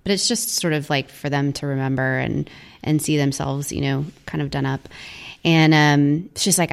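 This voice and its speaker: A woman with a low voice and a gravelly, fry-heavy edge talks casually in a studio. She rambles warmly through stories, leaning on "um" and "like" and acting out what people said. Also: normal speed. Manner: chatty, filler-heavy, quotes people. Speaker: guest, charity event organizer. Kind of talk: casual storytelling interview.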